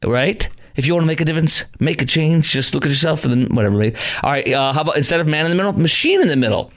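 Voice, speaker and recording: A man's voice: a little high, lively intonation, racing, a bit bright. A middle-aged man hosting a call-in talk radio show, sarcastic and exasperated, scoffing at what he reads out.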